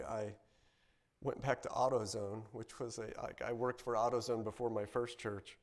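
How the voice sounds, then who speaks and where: A middle-aged man from Ohio giving a personal testimony at a church service, rambling with restarts and fillers, and growing animated at exciting moments. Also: lowish voice. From Ohio, United States. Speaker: guest speaker at church service.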